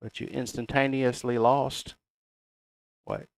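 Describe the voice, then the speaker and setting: Middle-aged Southern man, folksy market commentator, gravelly voice. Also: mid-range voice, little pitch movement, slow, no room sound. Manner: folksy, reads price levels aloud. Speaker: crypto chart analyst. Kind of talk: casual chart commentary.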